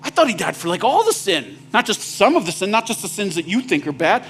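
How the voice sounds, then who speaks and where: A man's voice: high-pitched, very animated, quick pace, a bit bright, breathy edge, faint music behind. A male pastor preaching in a church, talking plainly to the room and building to urgent, emphatic points. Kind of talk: sermon. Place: church sanctuary.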